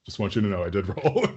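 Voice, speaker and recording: A man's voice: lowish voice, dark tone, breathy edge, lo-fi sound. A man running a tabletop game as game master, describing scenes loosely with many fillers.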